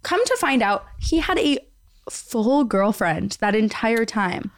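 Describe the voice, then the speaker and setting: A woman in her twenties, co-hosting a podcast, telling a gossipy story full of "like" with her voice jumping up when excited. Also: fairly high pitch, takes it slowly. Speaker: podcast co-host. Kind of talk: casual chat.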